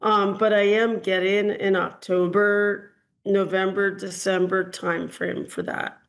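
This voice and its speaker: Woman psychic host, gravelly low-energy fry, chatty and rambling, call-in reading. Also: little pitch movement, unhurried. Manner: chatty, hedging, frequent ums and "I'm getting". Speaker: psychic reader hosting a call-in show.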